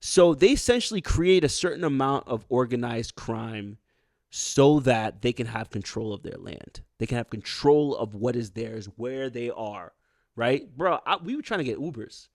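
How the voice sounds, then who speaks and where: A man on a podcast rambles through a long story in casual, slang-filled talk, piling up fillers and restarts and slipping into quotes of the people involved. His voice sits at a middle pitch, and the sound is close and dry with no room echo. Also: expressive, moderate pace, a little mellow. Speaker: podcast co-host. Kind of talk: casual chat.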